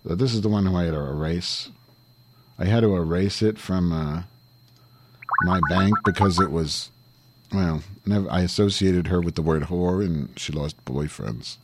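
Man as vulgar diva host Madge, very low. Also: darkish tone, breathy edge, exaggerated voice. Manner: profane, irritable, rambling. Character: vulgar irritable talk-show diva Madge Weinstein. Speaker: comedy show host. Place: home, calling through Skype.

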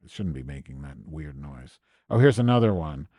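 A man's voice: a bass voice, sing-song, normal speed. A man hosting a live stream, ranting with exasperated, profane sarcasm as he comments on his screen. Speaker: podcast host.

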